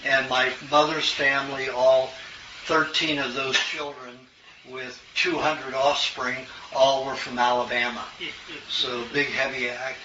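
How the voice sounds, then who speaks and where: A man's voice: medium pitch, little pitch movement, measured pace, pushed and bright. Older man telling stories in a roomy hall. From American South. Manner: folksy storytelling, chuckles often. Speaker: health lecturer. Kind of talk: casual Q&A talk. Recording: roomy, distant, muffled, noisy room recording.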